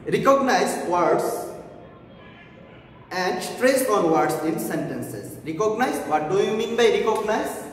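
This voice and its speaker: Male English teacher, high, lively pitch, slow drilling delivery, heard from across a roomy, echoey space. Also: slight background noise. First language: Bengali. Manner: repeats each phrase, checks with "okay?" and "clear?". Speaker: English lecturer. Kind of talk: classroom lesson. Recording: echoey room, voice far from the mic.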